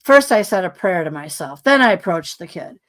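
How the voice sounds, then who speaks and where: A woman's voice: lowish voice, a little fast. Woman telling a rambling anecdote. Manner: rambling, animated retelling with many asides. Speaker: guest. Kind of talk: storytelling in a podcast interview.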